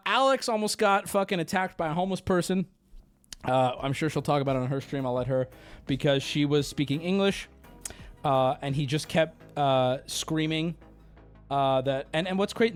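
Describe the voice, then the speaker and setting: High-voiced, animated male streamer. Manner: animated, ranting and swearing; mimics people in exaggerated voices. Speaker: streamer hosting a live stream. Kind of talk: casual stream chat.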